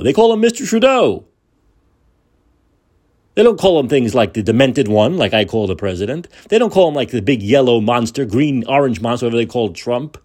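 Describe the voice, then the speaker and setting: A man's voice: medium pitch, expressive, fairly quick, a little mellow. A man hosting a podcast, delivering an angry, profane, sarcastic political rant and repeating words for emphasis. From United States. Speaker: podcast host.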